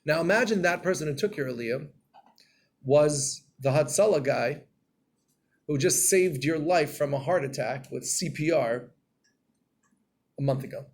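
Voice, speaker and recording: Gravelly, husky-voiced man teaching Torah. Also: on the high side, a little slow, long pauses. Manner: storytelling with acted-out scenes, gets loud and animated. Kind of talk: Torah class talk.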